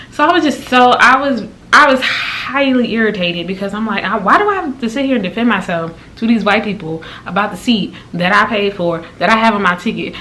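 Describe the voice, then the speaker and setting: A woman vlogger telling a story in a casual, exasperated way, with her pitch jumping high when she quotes people. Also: slight background noise. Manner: animated and exasperated, with big pitch jumps when quoting.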